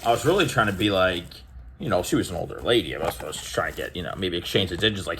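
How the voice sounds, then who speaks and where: Rambling low-voiced man telling a story. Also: quick pace, slight background noise. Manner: rambling, storytelling, many fillers and restarts; animated when retelling exchanges. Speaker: card collecting vlogger. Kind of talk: casual chat to camera.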